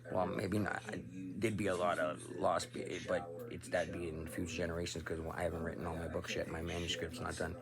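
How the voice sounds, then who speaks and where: A man's voice: sits low, little pitch movement, fairly quick, few pauses, a crowd in the background. A man hosting his own channel, delivering a crude, combative, profane ranting monologue. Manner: crude, combative, lots of swearing. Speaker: channel host.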